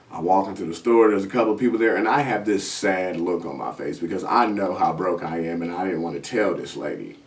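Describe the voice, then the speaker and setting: Brief: self-deprecating male comic host, low-pitched, telling a story from a distance from the mic. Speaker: comedian and show host. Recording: roomy sound, mic at a distance.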